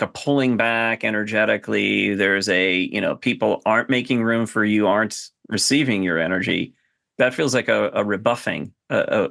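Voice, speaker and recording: A man's voice: fairly low pitch, creaky, a bit bright, dry recording, studio quality. A man hosting and coaching on a podcast panel, talking in a thoughtful, exploratory way with frequent restarts. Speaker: host and coach.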